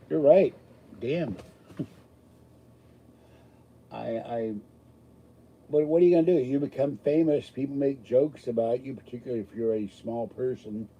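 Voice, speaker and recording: A livestream host answers chat in a casual, rambling way, joking and poking fun at himself. His medium-pitched voice has a breathy edge, and the recording's highs are cut off.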